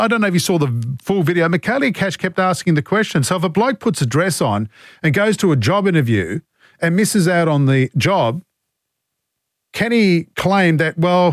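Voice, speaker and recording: A man's voice: high-pitched, no echo, studio quality. An Australian man hosting talkback radio, blunt and exasperated as he takes calls and reads out texts. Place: radio studio. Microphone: studio microphone.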